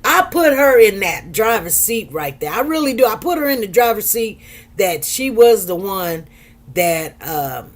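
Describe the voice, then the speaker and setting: A woman, hosting casual commentary and telling stories with animated, acted-out quotes. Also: mid-range voice, unhurried. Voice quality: lively, animated storytelling, acts out quotes. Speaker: commentary host.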